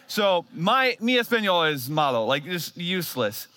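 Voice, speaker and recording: A man in his thirties preaching in a church, spinning a lively, self-mocking story for the congregation. His voice is bright and ringing and sits a little high for a man. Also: normal speed. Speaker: pastor. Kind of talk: sermon with storytelling.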